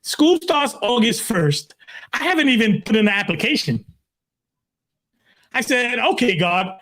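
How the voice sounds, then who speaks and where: Older brooklyn guy, pastor, high voice, animated storytelling, lots of "literally". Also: normal speed, pauses often. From Brooklyn, New York. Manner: emphatic, repeats "literally", acts out his own quotes. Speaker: pastor, guest.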